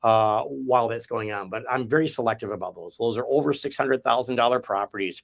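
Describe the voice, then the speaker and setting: A man's voice: mid-range voice, fairly quick, creaky. A man from the Midwest hosting a real estate podcast, explaining his methods in a folksy, rambling way with restarts. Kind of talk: casual podcast chat.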